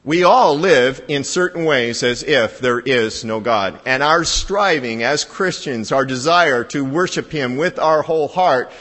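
A man preaching a sermon in a conversational style, building to emphatic, higher-pitched peaks. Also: unhurried, few pauses, fairly bright tone, in a large hall. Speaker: pastor.

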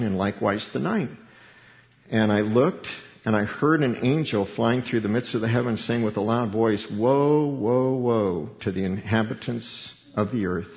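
A male pastor giving a casual, animated sermon, chuckling as he explains scripture. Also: mid-range voice. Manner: animated, chuckling, conversational preaching. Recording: dull sound in a reverberant hall.

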